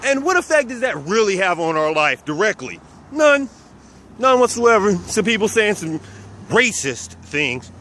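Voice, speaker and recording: A man's voice: high voice, very animated, unhurried, sharp tone, a little hiss or hum. A man from South Texas casually telling personal stories, speaking of himself as "we" and chuckling now and then. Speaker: vlogger.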